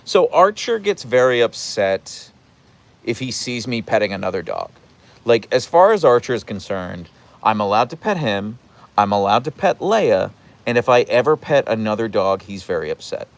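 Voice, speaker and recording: A man hosting a casual live stream outdoors in light rain, chatting with viewers in an animated way. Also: fairly low pitch, moderate pace. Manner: chatty and animated, acting out his dogs in funny voices. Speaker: host answering live chat.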